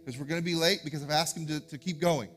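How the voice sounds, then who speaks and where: A fast-talking man with a fairly high pitch, a pastor, gives announcements and introduces a guest speaker in a church sanctuary, his delivery energetic and informal.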